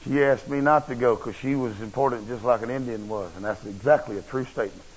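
A man's voice: medium pitch, fast, breathy edge. A man preaching a sermon, telling a personal story in a folksy, blunt and emphatic way. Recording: dull lo-fi recording.

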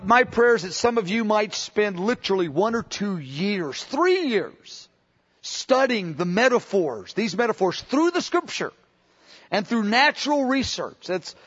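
Male preacher, high voice, impassioned teaching with restarts; muffled lo-fi sermon tape. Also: fairly bright tone. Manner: impassioned, with many restarts and acted-out quotes. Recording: dull lo-fi sermon recording.

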